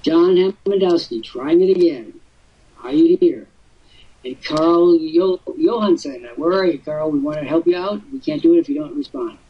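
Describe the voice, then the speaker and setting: A man's voice: a little high, normal speed, recorded from a distance. An older man hosting a live webcast talk show, telling stories expansively with theatrical asides. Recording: husky voice from off-mic, muffled lo-fi audio.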